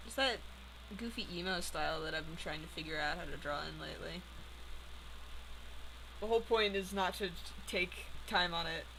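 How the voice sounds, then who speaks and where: A woman art streamer chatting casually while she draws, relaxed and quick to laugh. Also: lowish voice, gravelly, slight background noise, rough recording. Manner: relaxed, laughs easily, thinks aloud.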